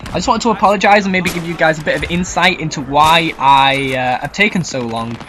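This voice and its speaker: A man's voice: on the high side, a little fast, bright, forceful tone, slight background noise. A young man with a Yorkshire accent, rambling nervously and swearing through a casual Q&A commentary video. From Yorkshire, England. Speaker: gaming YouTuber.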